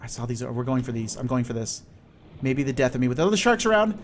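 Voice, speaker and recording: A man from California chatting excitably and swearing casually while he streams a video game. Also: mid-range voice, brisk, a little hiss or hum. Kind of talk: live gameplay stream chat.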